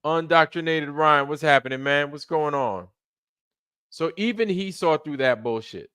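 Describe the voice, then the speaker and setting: An American man talks loosely on his own livestream, going back over his words and cursing often. His voice is bright and forceful. The sound is dry and close, with little room echo. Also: fairly high pitch, moderate pace, clean tone. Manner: loose, rambling, swears freely, repeats phrases. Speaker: livestream host. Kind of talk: casual livestream rant.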